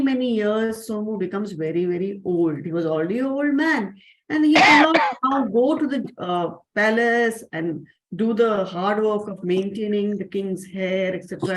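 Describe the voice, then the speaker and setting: A woman's voice: mid-range voice, roomy sound, low-quality recording. A woman with an Indian English accent telling a story, acting out the characters' voices as she narrates. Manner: animated, acts out voices of the characters. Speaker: storyteller and spiritual teacher. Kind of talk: storytelling to children in an online session.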